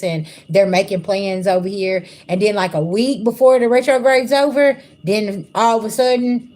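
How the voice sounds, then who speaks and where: Woman, blunt livestream reader, casual and plain-spoken, mid pitch. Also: steady tone, normal speed, hardly any pauses, darkish tone. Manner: casual, blunt, addresses viewers as y'all. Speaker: spiritual reader. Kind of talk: livestream tarot-style reading.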